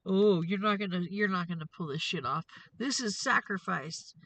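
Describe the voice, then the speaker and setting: A woman's voice: mid-range voice, moderate pace, fairly bright tone, rough recording. A woman hosting a tarot reading vlog, ranting in an angry, profane, confrontational way. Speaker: tarot reader and show host.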